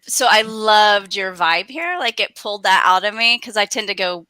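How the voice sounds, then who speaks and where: A woman's voice: medium pitch, normal speed, sharp tone, no echo. Easygoing woman guest, dry close sound. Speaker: guest giving tips. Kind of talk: casual chat.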